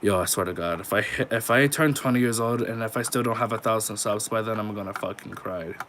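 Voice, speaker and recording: A man's voice: lowish voice, brisk, fairly bright tone, slight background noise. A nineteen-year-old man streaming live, reading viewer messages and answering them in a laid-back, chatty way. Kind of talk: casual live-stream chat.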